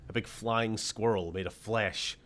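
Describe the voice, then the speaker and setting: A man's voice: lowish voice, fairly even intonation, a little slow, a bit bright. A man from Scotland giving casual gameplay commentary as a streamer, sarcastic and jokey, swearing freely.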